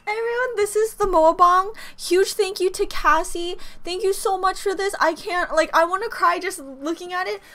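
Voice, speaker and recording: High, bright flustered young woman. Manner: flustered, rambling, frequent restarts. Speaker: K-pop reaction vlogger. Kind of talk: excited casual vlog chat. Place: home room.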